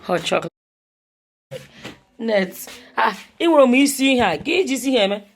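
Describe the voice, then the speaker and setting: A woman's voice: a little high, very animated, moderate pace. A young Nigerian woman vlogging a casual tour of a village house, talking with a Nigerian accent, mixing Igbo and English and exclaiming often.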